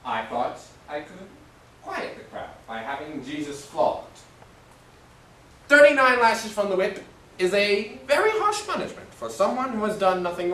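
A man's voice: sits high, a bit bright, distant mic, exaggerated voice. A man playing a defensive Roman governor. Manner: agitated, rhetorical questioning. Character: troubled male Roman governor, defensive and self-justifying. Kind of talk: stage play monologue. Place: school hall. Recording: echoey hall from afar.

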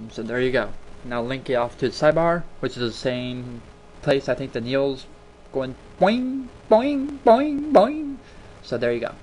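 A man narrates a casual screen-recording tutorial in a mid-range voice, speaking into a desktop mic at his home computer. His delivery is chatty and meandering, with repeated words for emphasis, and there's slight background noise.

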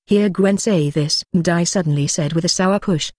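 A synthetic voice narrating an audiobook in a flat, even machine reading. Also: medium pitch, moderate pace, no echo, studio quality.

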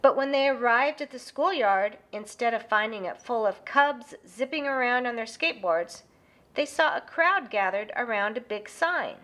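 A woman narrating a children's storybook with a lively, expressive reading. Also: a little high, normal speed.

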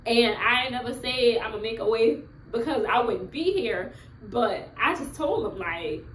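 A woman in her thirties talks into the camera from her apartment with earnest, heartfelt conviction. Her voice sits a little high, and the room rings with a roomy echo under a faint hiss of background noise. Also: expressive, moderate pace. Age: 30s. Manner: earnest, heartfelt, faith-filled talk. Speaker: vlogger. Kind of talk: casual personal vlog.

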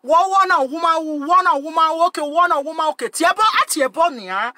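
Woman going off on her channel, high bright voice, super dry close sound, keeps repeating herself for emphasis. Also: lively intonation, quick pace, no echo. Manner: emphatic, mixes Pidgin English and Yoruba, repeats phrases. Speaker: channel host. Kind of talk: animated direct-to-camera rant.

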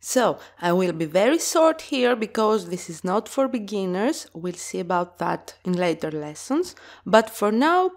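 A woman teaching a language lesson, explaining slowly and carefully, with example words sounded out clearly. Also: medium pitch.

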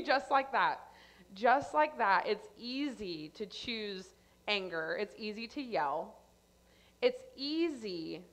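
Woman telling a lively sermon story. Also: mid-range voice. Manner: animated storytelling, acts out her own panicked voice. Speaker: church speaker.

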